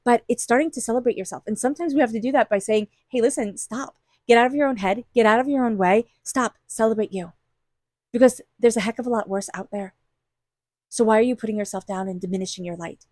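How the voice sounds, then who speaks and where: A woman's voice: on the high side, fast talker, a little mellow, no echo, studio quality. Earnest woman giving a tarot reading. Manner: earnest, encouraging, speaks directly to listener. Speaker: tarot reader.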